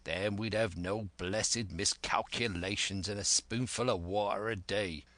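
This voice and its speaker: Scheming older pirate, gruff seafaring dialect, bright edge, very low, as a man reads him. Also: fairly even intonation, measured pace, no room sound. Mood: scornful.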